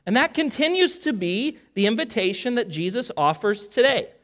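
A preacher delivering a sermon in an easy, conversational way, stopping to ask the listeners questions. The scripture is read aloud with a voice that rises and falls freely. The pitch sits mostly in the middle. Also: sing-song, normal speed, a bit bright. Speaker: pastor.

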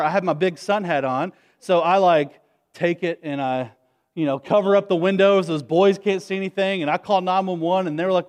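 A pastor preaching to his congregation with a notably high voice. He talks in an easy, energetic way and keeps calling the room to respond. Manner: conversational, energetic, rallies the congregation. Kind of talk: sermon. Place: church, before a congregation.

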